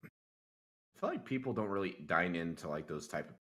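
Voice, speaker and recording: A man's voice: sits low, fairly quick, crowd noise. A young man co-hosting a podcast, telling stories in casual chat and acting out the people he quotes, laughing often. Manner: animated storyteller, acts out quotes, laughs often. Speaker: podcast co-host.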